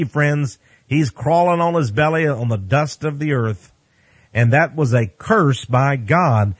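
A man preaching in a folksy commentary style, his voice slightly husky and set a little high. He swoops up and down with animated energy, exclaiming and slipping in chuckling asides to his listeners. The sound is dry and close. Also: no room sound. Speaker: radio preacher.

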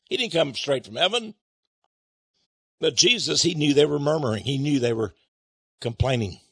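A man's voice: on the high side, expressive, normal speed, fairly bright tone, breathy edge, no room sound, clean studio sound. A man preaching and commenting on Bible verses, with emphatic rhetorical questions. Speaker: Bible teacher. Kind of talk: sermon-style Bible reading and commentary.

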